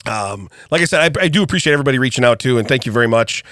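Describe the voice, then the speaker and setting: Middle-aged male podcast co-host, lively pitch, chuckling raconteur, dry booth sound. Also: rapid-fire, dry recording. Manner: animated storyteller, laughs often, acts out quotes. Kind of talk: casual storytelling chat.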